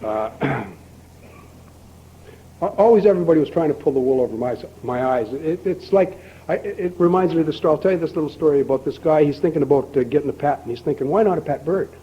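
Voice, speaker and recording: An older man speaking at a recovery meeting, telling a long folksy joke and acting out both characters with lively emphasis. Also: fairly high pitch, quick pace, slightly rough. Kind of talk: storytelling talk at a recovery meeting. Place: meeting hall. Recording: dull lo-fi archival tape with faint hiss.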